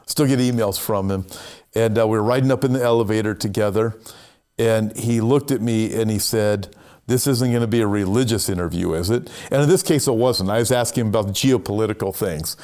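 A man preaching a sermon, emphatic, lifting his voice on quoted lines and slowing down to stress key words. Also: a little mellow. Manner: emphatic, rises in pitch for scripture quotes, slows to stress words. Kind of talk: sermon on prophecy.

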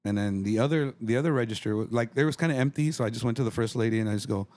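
A man on a podcast telling casual stories, animated, swearing freely and acting out the people he quotes. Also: mid-range voice, racing, no echo. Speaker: podcast guest. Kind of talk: casual storytelling chat.

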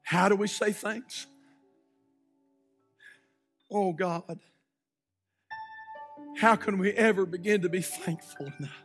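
A man preaching a sermon from a church pulpit, telling a story dramatically with sudden hushed drops and loud shouted peaks, then leading prayer. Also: sits high, fairly even intonation, slow pace, long pauses, husky, faint music behind. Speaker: pastor.

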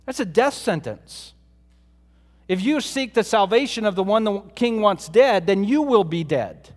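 High-voiced man preaching in a reverberant hall. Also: animated, unhurried, darkish tone. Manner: conversational, asks rhetorical questions of the listeners. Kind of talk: sermon.

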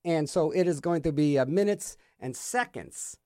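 A middle-aged man hosts a radio music show in a studio, chatting in a rambling, jokey, sarcastic way into a studio microphone. His voice is a little high with a dark tone, at normal speed, and there is no room sound.

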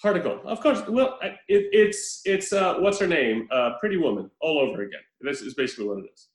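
Animated profane man telling a story. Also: fairly high pitch, fairly quick, reverberant, rough recording. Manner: animated storytelling, acts out film lines, profane. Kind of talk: casual chat recapping a film.

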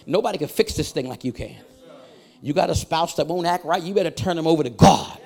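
High-voiced, impassioned middle-aged preacher. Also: male voice, vocal fry, a little mellow. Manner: impassioned, rhythmic preaching with repeated refrains; breaks into chanted delivery with drawn-out "uh" lead-ins. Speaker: guest preacher. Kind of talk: sermon.

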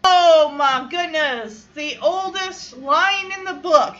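Brief: woman podcast host, animated recap voice, high pitch, slightly muffled mic. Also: takes it slowly. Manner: animated, acts out quotes with chatty asides. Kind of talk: casual episode recap.

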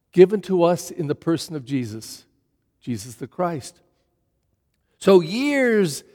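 A male pastor preaching a sermon in an animated way, reading scripture aloud with dramatic emphasis. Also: high-pitched, in a large hall.

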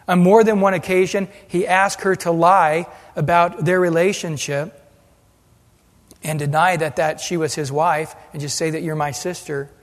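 A male pastor delivers a sermon in a high voice at a moderate pace, animatedly acting out the voices he quotes. The hall around him is reverberant.

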